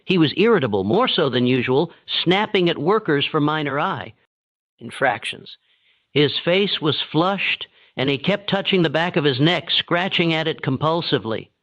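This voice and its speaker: Man narrating a dark historical tale. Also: a little high. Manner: steady, measured storytelling. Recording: dull, dry, lo-fi sound.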